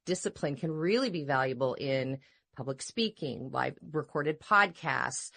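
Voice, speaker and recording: A woman voice-over coach and radio personality in casual chat, expressive and jokey. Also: sits low, a little slow, gravelly.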